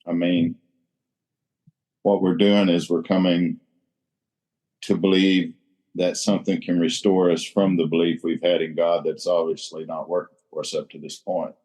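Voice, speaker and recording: A man's voice: deep voice, little pitch movement, moderate pace, darkish tone. A man who is a regular on a recovery roundtable, explaining the text in an emphatic, teacherly and folksy way.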